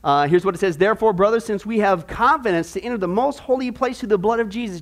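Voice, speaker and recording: A man's voice: high-pitched, fast talker, few pauses. A man teaching a church discipleship class on stewardship, reading scripture and teasing the class with jokes and mock voices. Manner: jokey, teasing asides, mock voices for the proud.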